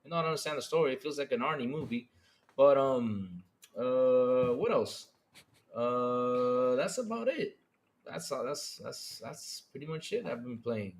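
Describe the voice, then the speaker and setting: A man co-hosting a gaming podcast in casual chat, excitable and stammering with quick repeats. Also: mid-range voice. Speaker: podcast co-host.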